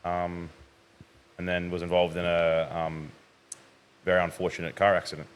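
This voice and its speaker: A young man, a podcast guest talking through his recent past in a measured way, often hedging. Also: deep voice, monotone, a little hiss or hum. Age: young adult. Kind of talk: casual interview.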